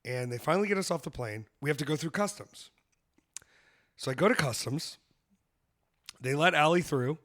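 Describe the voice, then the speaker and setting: A man's voice: fairly high pitch, animated, normal speed, long pauses, a bit bright. A man hosting a comedy podcast, telling loose, profane travel stories with frequent laughter. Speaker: podcast host. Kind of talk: casual comedic chat.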